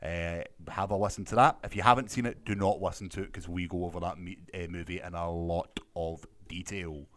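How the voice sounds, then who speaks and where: A man hosting a casual podcast chat, chummy and quick to laugh. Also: sits low, fairly even intonation, fairly bright tone. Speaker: podcast host.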